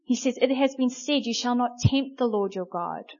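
With a fairly high voice, a female preacher speaks conversationally and animatedly in her sermon, telling stories and pausing often on fillers. The recording sounds muffled and lo-fi.

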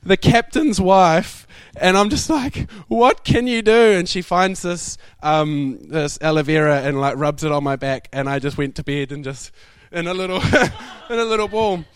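A young man preaching a sermon, telling stories in a lively way and laughing often. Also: fairly high pitch, moderate pace, hardly any pauses, clean tone, no echo. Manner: animated, laughing storyteller. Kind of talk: sermon storytelling.

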